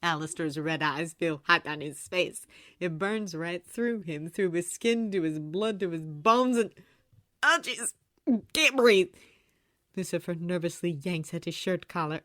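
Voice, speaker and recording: A woman reading fanfiction aloud in an animated storytelling manner, close to the microphone. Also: lowish voice, unhurried, no room sound. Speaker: audiobook reader. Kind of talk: fanfiction narration.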